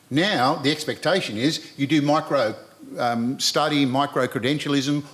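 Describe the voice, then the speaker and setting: An Australian man in his sixties, speaking earnestly on a live panel and addressing the audience directly, with frequent repetition. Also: mid-range voice. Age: 60s. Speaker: panel speaker and university lecturer.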